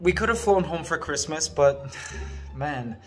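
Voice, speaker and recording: Excitable sentimental man vlogging. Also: fairly high pitch, measured pace. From Canada. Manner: excitable and sentimental, gushing to viewers. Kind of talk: casual vlog. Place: farmhouse under construction.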